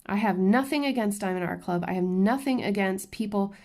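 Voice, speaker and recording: A woman vlogging from her crafting table at home, talking candidly and ranting to her viewers with quick restarts and asides. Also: mid-range voice, a little mellow. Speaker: diamond painting YouTuber. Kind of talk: casual chatty vlog while crafting.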